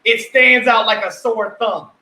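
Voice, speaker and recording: Bright-voiced man, casual and sweary. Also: high-pitched, unhurried, echoey room, rough recording. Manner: laid-back, swears freely, many fillers like "you know what I mean". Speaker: guest. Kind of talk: casual live-stream discussion.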